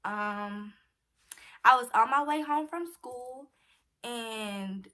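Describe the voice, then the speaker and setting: A young woman with a drawl tells a storytime to her viewers, talking straight to them in a loose, chatty way. Her voice sits a bit high and sounds bright and clear. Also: very slow. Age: young adult. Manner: chatty, addresses viewers directly as y'all. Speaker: vlogger. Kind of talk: casual storytime.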